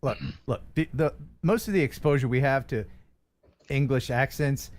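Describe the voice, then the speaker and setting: A man hosting a casual livestream chat with a neutral American broadcast accent. He jokes and talks in an animated way. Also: normal speed. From Philadelphia area, US. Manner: joking, animated, jumps in pitch when excited. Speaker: host.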